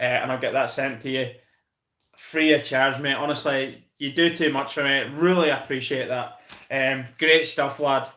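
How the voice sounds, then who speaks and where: A man's voice: on the high side, sharp tone, roomy sound. Chatty Scottish man on a live stream. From Scotland. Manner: chatty, thanks viewers by name, calls them mate. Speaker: channel host reviewing football. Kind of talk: casual live stream chat.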